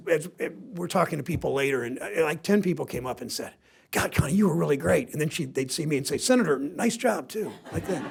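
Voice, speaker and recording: A man in his sixties from Ohio with a raspy, gravelly voice, giving a rambling, self-deprecating keynote speech with anecdotes to a seated audience. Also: mid-range voice. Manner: rambling, self-deprecating storyteller with many restarts. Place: briefing room before a seated audience.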